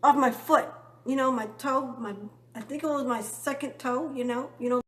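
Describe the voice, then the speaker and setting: A woman with a high voice tells a personal story in a loose, casual way. She rambles and keeps checking in with her listeners through tag questions. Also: steady tone, moderate pace. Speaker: vlogger.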